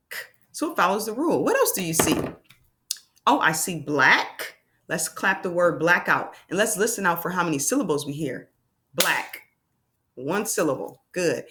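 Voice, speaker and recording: A woman teaching young children a phonics lesson, sounding out letters slowly and with exaggerated emphasis. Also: fairly low pitch, bright, forceful tone.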